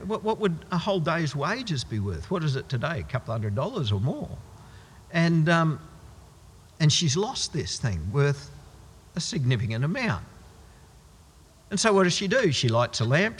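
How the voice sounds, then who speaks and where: Wry preacher in an echoey hall. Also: male voice, a little high, fairly bright tone, breathy edge. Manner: conversational, wry, exaggerated asides. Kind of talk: sermon.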